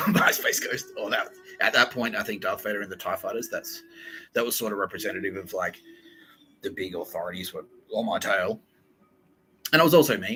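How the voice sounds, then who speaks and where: Young man, cursing podcast host, sharp, tense voice, lowish pitch. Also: a little hiss or hum, rough recording. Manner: rambling, profane, laughs a lot. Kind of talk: casual comedic monologue.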